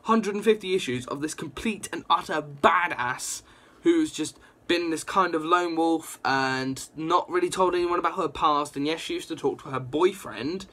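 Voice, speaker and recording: A young man with a slightly high voice, talking through a comic in an excitable, rambling way. He piles on "like" and reacts aloud as he recaps, as casual as chatting with a friend. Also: moderate pace. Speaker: comic book reviewer.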